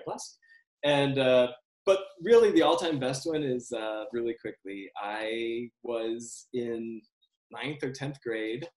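A man in a relaxed interview answers at length, circling back and restarting his thoughts. His voice sits at an ordinary middle pitch and carries a noticeable roomy echo, as if he is talking into a video call from a bare room. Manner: rambling, self-correcting, laughs often. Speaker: screenwriter guest.

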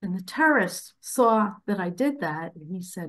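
A woman's voice: mid-range voice, animated, moderate pace, fairly bright tone. A woman earnestly telling a personal story about a nightmare, speaking with emphasis. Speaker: religious speaker.

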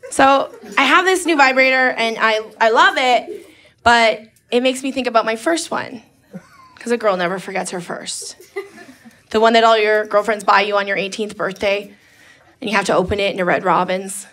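A young woman works a comedy club stage with a bawdy stand-up set, her voice on the high side as she darts into quick acted-out impressions. Her manner is brash, and the handheld stage mic picks up a live recording full of loud audience laughter.

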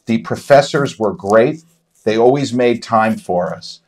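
A man in his forties co-hosting a podcast, talking in a relaxed, reflective way. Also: mid-range voice, a little slow. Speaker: podcast co-host. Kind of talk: casual chat.

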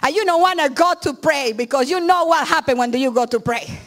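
A middle-aged woman pastor, not a native English speaker, preaching a sermon in earnest, halting English with frequent restarts. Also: high voice, a bit bright.

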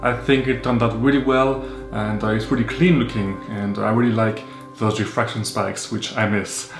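Low-voiced man chatting about his gear. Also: steady tone, normal speed, gravelly, reverberant, music in the background. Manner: enthusiastic, many fillers and repeats. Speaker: astrophotography vlogger. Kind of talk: casual vlog narration.

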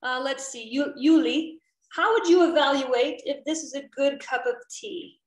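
A workshop trainer from the southern United States leads an interactive online session, playful and lively, constantly putting questions to the group. Her high voice, at normal speed, comes through a video call from an echoey room.

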